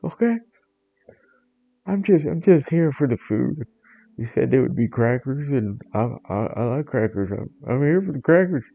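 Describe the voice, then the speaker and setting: A man putting on a high, whiny male cat, far above his own register, loud and insistent as it begs nonstop for crackers. The cat sounds dim and single-minded. The recording is slightly dull and lo-fi. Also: expressive, moderate pace, vocal fry. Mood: whiny, pleading.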